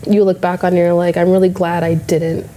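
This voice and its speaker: A woman's voice: on the low side, little pitch movement, fairly quick, warm tone. A young adult woman, a bodybuilding competitor, telling a story casually and acting out her own past thoughts.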